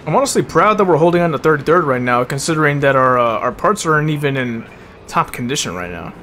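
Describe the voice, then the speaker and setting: A young man giving casual commentary while playing a racing game, full of bro and swearing, sometimes flaring into loud angry rants. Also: fairly high pitch, lively intonation, fast talker, a little hiss or hum. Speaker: gaming video host.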